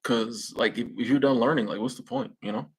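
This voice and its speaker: Man, young adult, husky voice, relaxed slangy live chat, laughs a lot. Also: medium pitch, fairly quick. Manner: laid-back, slangy, laughs often at his own jokes. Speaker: live stream host. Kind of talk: casual chat reading viewer comments.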